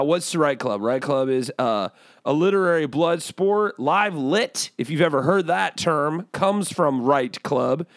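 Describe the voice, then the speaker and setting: A man voicing a chatty male bird who hosts a podcast, rambling, excitable and swearing casually. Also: fairly high pitch, gravelly, no echo, clean studio sound, exaggerated voice. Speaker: podcast host. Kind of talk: comedic character podcast.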